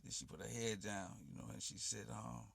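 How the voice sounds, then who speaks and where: A man's voice: on the low side, steady tone, brisk, gravelly, a bit bright, husky, no echo. A man telling a personal story in loose, rambling street slang with frequent asides. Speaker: poet and channel host.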